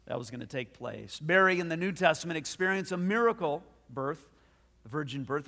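A man pastor preaching a sermon, telling a story with animated delivery and frequent restarts. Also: a little high, normal speed, pauses often, in a large hall.

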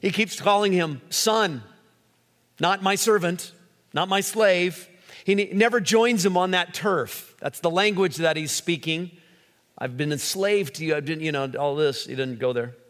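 A male pastor giving an animated sermon, acting out quotes as he preaches. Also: sits high, measured pace. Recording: long hall reverb.

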